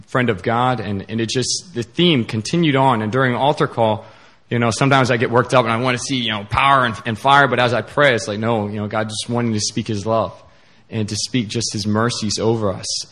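A man preaching a sermon in an earnest, halting way, with many fillers. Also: medium pitch, fairly bright tone.

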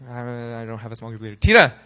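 A young American man preaches a sermon with animation, firing rhetorical questions at the congregation. He has a medium-pitched voice and talks fast.

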